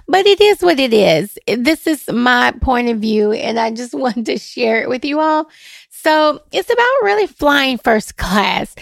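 A chatty woman hosts her own podcast with a high, gravelly voice. She speaks slowly and chuckles often, and the recording is close and dry. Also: no room sound. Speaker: podcast host. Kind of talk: casual solo podcast talk.

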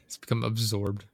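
A man's voice: fairly low pitch, vocal fry, no room sound. A man in casual chat, rambling and swearing as he vents about a coworker. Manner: profane, venting, rambling storyteller.

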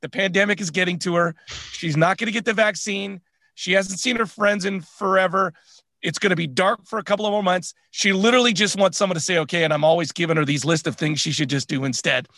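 Bright, high-voiced man chatting candidly. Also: quick pace, dry recording. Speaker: podcast co-host. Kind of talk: casual chat.

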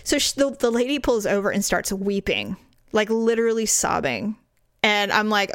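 A woman in her forties tells a story in casual conversation, animated and full of quick asides. Her voice is smooth and clear. The recording is dry and close, with no room sound. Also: medium pitch, no room sound.

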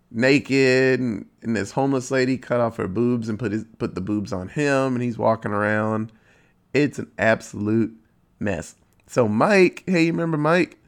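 A man giving a casual, profane recap of a horror movie, telling it in an animated way with sudden jumps in pitch. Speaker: movie reviewer.

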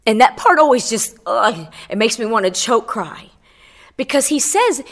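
A woman's voice: mid-range voice, animated, moderate pace. A middle-aged woman giving a fervent spoken testimony on a radio program, quoting scripture and swelling on key phrases.

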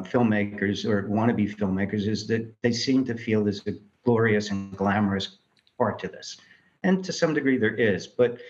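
A man's voice: lowish voice, dull audio. A man from New York, a filmmaker, telling his life story in an interview and acting out the voices of people in it. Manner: animated storyteller acting out quoted dialogue.

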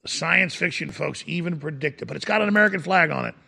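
A man's voice: fairly high pitch, fast talker, gravelly, bright, forceful tone, slightly rough. A middle-aged man hosting a talk radio show, delivering an impassioned, ranting monologue.

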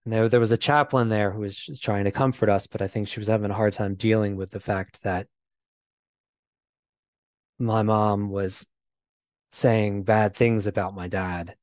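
Male interview guest, lowish voice, halting personal storytelling with lots of fillers, dry close sound. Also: steady tone, no room sound. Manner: halting, repeats himself, many fillers.

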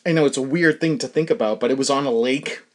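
A man's voice: mid-range voice, fast talker. A middle-aged man, a podcast host, tells a long rambling story about his childhood in a casual, self-deprecating way, laughing often.

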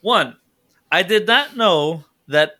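A man leads a loose, joking podcast conversation and often laughs at his own puns. His voice sits a little high and sounds bright. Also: animated, slow pace. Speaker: podcast host. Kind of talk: casual chat.

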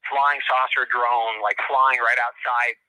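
Male guest storyteller, very bright sharp tone, dry close sound, rambling with fillers. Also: mid-range voice, flat delivery, a little slow, dry recording, poor audio. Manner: rambling, many fillers and restarts. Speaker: professor. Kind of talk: casual storytelling in an interview.

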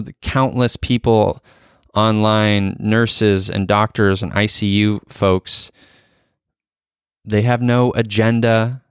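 A man's voice: on the low side, clean tone, dry recording, studio quality. A man hosting a podcast, talking earnestly and from the heart in a solo monologue, often restarting and asking "right?". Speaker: podcast host.

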